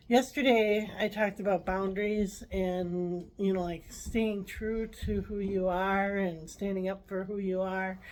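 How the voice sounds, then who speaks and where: Slow, halting woman vlogger. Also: mid-range voice, a little mellow, rough recording. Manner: halting and emotional, many fillers and restarts. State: tearful. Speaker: channel host. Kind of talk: personal vlog.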